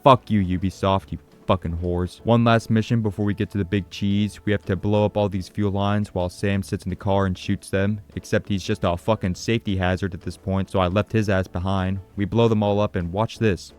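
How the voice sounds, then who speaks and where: A man's voice: low-pitched, fairly even intonation, a little fast, hardly any pauses, a little mellow, faint music behind. A man narrating a comedic game recap in a crude, sarcastic way with constant swearing. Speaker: gaming commentator.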